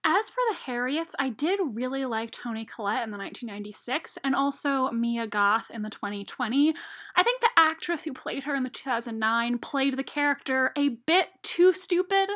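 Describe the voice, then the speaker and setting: Bright high-voiced woman reviewing films. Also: normal speed. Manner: opinionated, animated and chatty, with laughs. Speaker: book channel host. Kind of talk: casual review monologue.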